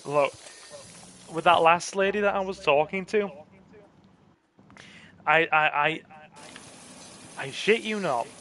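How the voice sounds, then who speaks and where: A man's voice: high voice, takes it slowly, long pauses, bright, forceful tone, a little hiss or hum, poor audio. A man chatting earnestly while playing a game, ranting about politics with frequent restarts. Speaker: gaming channel host and campaign volunteer.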